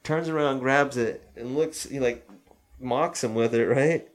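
A man's voice: medium pitch, unhurried. Casual man retelling a film scene. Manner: loose retelling, acts out quoted lines. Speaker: podcast co-host.

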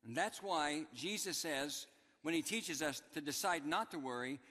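A man's voice: a little high, lively intonation, normal speed, sharp tone. Emphatic male pastor preaching in a hall. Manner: emphatic, repeats key phrases. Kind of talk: sermon. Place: church sanctuary.

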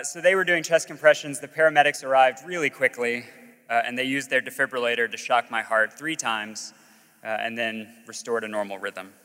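A man's voice: mid-range voice, pushed and bright, clear, resonant tone, long reverb tail. A young man, a school chaplain from the Alabama Gulf Coast, tells a personal story to an audience in a candid, self-mocking way with frequent "uh" fillers. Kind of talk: personal story told on stage.

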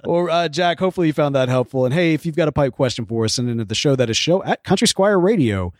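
A man co-hosting a podcast in casual chat, chatty and quick to laugh. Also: fairly high pitch, darkish tone, dry recording, studio quality. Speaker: podcast co-host.

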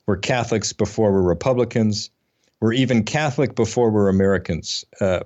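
A man's voice: on the low side, a little mellow. A man hosting a casual podcast, rambling and self-deprecating, with lots of fillers and restarts. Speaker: podcast host. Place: Atlanta area.

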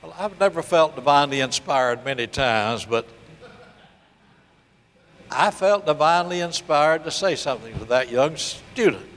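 Older male pastor, slightly high voice, storytelling sermon delivery, long church reverb. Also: lively intonation, a bit bright. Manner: storytelling preacher, acts out dialogue, slows for emphasis.

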